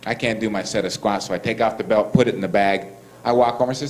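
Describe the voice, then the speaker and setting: A man's voice: fairly low pitch, quick pace, low-quality recording. A man telling a story to an audience, acting out both sides of the dialogue and laughing often. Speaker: speaker telling stories.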